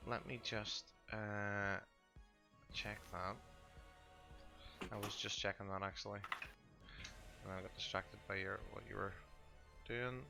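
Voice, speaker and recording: A man's voice: on the low side, steady tone, slow pace, gravelly, long pauses, over music. A man narrating as game master of a tabletop game, often hesitant and muttering to himself.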